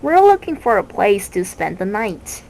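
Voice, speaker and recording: A woman's voice: mid-range voice, very animated, normal speed, gravelly, darkish tone, low-quality recording. A woman reading a timid, flustered young boy. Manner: timid, hesitant. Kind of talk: storybook reading.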